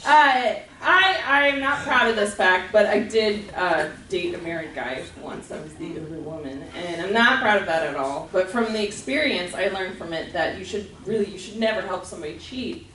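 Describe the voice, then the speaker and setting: A woman's voice: medium pitch, animated, moderate pace, hardly any pauses, sharp tone, recorded from a distance. A young woman doing a stand-up comedy set in a club, talking conversationally with self-deprecating asides. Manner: conversational, self-deprecating, laughing through punchlines. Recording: roomy club audio with audience noise.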